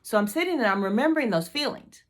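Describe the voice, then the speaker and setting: A woman's voice: a little high, animated, fast. Fired-up woman hosting a team pep talk. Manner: fired up, emphatic, repeats questions. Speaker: team meeting host. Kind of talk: motivational video talk.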